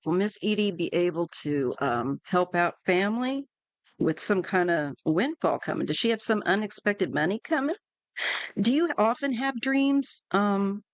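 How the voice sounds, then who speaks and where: A woman's voice: medium pitch, no echo. A woman doing a live tarot reading for viewers, chatty and reassuring, with many fillers and restarts. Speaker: tarot reader.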